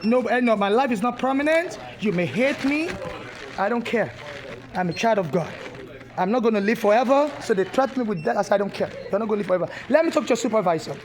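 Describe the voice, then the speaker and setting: A woman's voice: fairly high pitch, lively intonation, brisk, crowd noise. A woman from Nigeria, ranting in an agitated, repetitive, insistent way indoors in a public building, recorded on a handheld phone. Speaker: protester. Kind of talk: angry ranting monologue.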